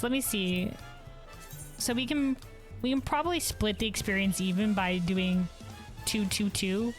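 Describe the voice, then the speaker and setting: A woman streaming a game, talking in a chatty, playful way and correcting herself as she goes. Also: mid-range voice. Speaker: gaming streamer. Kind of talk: casual gameplay commentary.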